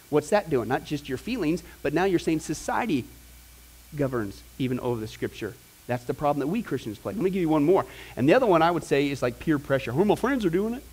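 A middle-aged man teaching a Bible study class in a lively, conversational way, often acting out the voices of the people he quotes. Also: fairly high pitch, rough recording.

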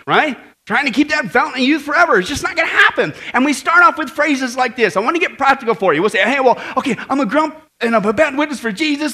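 A man preaching a sermon with jokes, animated and laughing often, calling out to the congregation. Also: high voice. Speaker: pastor. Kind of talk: humorous sermon.

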